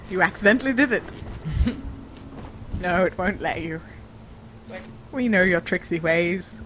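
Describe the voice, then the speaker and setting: A woman co-hosting a let's play, chatting in a relaxed way with dry remarks. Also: lowish voice, unhurried, pauses often, a little hiss or hum, rough recording. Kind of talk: casual gaming chat.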